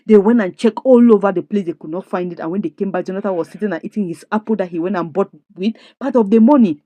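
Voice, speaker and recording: A woman who recaps a drama series in an expressive, indignant way, full of rhetorical questions. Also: medium pitch, fast talker, no room sound, muffled recording. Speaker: series reviewer. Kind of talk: animated story recap.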